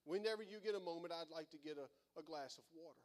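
A preacher doing a gentle, polite traveler. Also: male voice, on the high side, quick pace, close to an everyday voice. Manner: gentle, courteous. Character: patient, polite older male traveler asking for water.

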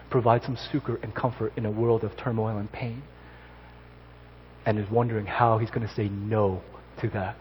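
Man preaching, dull recording. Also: lowish voice. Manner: storytelling, building to loud emphatic exhortation. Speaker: pastor. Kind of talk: sermon. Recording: slightly dull recording with faint noise.

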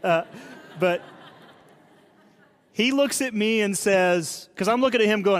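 A man's voice: high voice, moderate pace, pauses often. Storytelling male pastor in a reverberant hall. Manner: conversational storytelling, asks the audience questions. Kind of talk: sermon.

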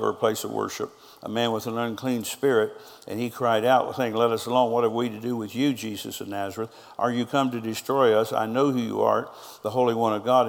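Man, pastor's sermon, gravelly voice, long church-hall reverb. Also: mid-range voice. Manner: storytelling preacher, quoting others in conversation.

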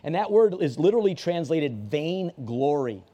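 A man preaching at a church service with a mellow, rather high voice. He talks to the congregation plainly and conversationally, restarting his sentences and repeating key lines for emphasis. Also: sing-song, normal speed, highs cut off. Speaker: pastor. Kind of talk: sermon.

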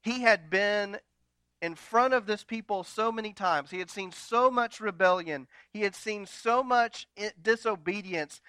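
A man preaching a sermon from slides. He swings between loud, dramatic retellings and quiet, intimate asides to the congregation. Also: sits high, clean tone, no room sound. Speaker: pastor.

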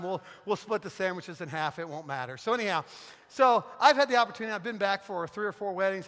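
A middle-aged man preaching in a church, telling funny stories in an animated, joking way. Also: high voice, in a large hall. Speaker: guest pastor. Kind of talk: sermon with storytelling. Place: church sanctuary.

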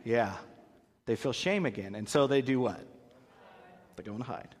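A man's voice: mid-range voice, moderate pace. A man leading an interactive Bible lesson, asking the audience questions and acting out voices. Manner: animated, acts out voices, asks the audience questions. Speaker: pastor. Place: large hall with an audience. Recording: long hall reverb.

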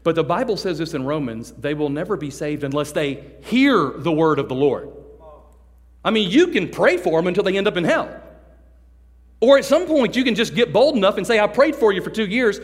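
A fairly high-voiced man preaches with lively, joking energy and slips into little impressions of the people he describes. His voice carries a long reverb from the big hall around him. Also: normal speed. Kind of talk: sermon to a youth service.

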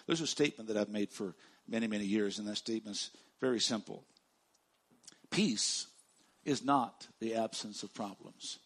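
A man preaching a sermon as pastor, stressing words by repeating them and swinging from loud declarations to hushed, slow lines. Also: fairly low pitch, slightly rough.

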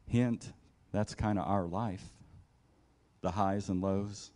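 A man's voice: fairly low pitch, slow. A man preaching a sermon in a conversational way. He acts out scenes in the first person as he tells them and adds asides like "right?". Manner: animated storytelling, acting out scenes in the first person.

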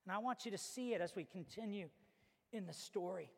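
A man preaching a sermon as a pastor, telling stories with animated acted-out little scenes. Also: sits high, fairly quick, gravelly. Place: church hall. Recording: reverberant hall.

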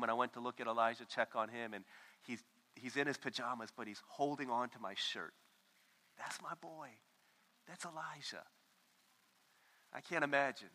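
A man's voice: medium pitch, sharp tone. A man preaching a sermon, telling stories and acting out phone calls as he goes. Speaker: pastor. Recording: long hall reverb.

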